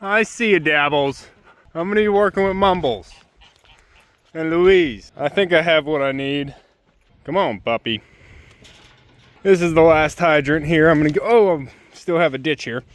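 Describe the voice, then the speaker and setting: A man's voice: fairly high pitch, moderate pace, long pauses. A man doing farm chores on his homestead, talking casually to the camera and fondly to his chickens and ducks. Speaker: homesteader vlogger. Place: outdoors on a homestead with poultry.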